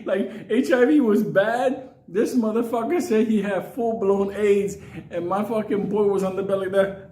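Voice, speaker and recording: A man's voice: high voice, unhurried, darkish tone, roomy sound. A man telling a crude story casually, laughing often and acting out other people's lines. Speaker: storyteller host.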